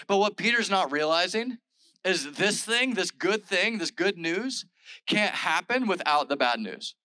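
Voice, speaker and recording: Bright-voiced, chatty male pastor. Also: a little high, dry recording, poor audio. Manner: chatty and informal, full of "like" and "all right"; retells scripture in modern everyday speech. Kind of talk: casual conversational sermon.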